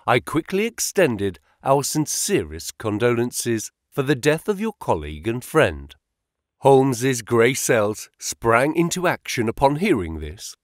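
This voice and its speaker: A male narrator tells a period detective story in the first person, his pitch rising and falling in a lively, animated way. His voice sits mid-range and the recording is dry and close, with no room sound. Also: unhurried, no echo. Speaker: audiobook narrator.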